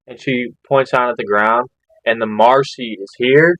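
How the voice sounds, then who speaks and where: A man's voice: mid-range voice, fairly even intonation, unhurried, a bit bright, dry recording, lo-fi sound. A man co-hosting a hunting podcast, chatting in an easygoing way and laughing often. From Missouri. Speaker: podcast co-host. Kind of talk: casual chat.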